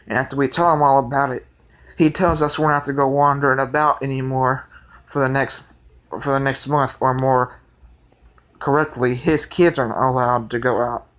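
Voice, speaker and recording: A young man telling a story from his life in a rambling, excitable way, with many restarts. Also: medium pitch, normal speed. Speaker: vlogger. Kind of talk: casual storytelling.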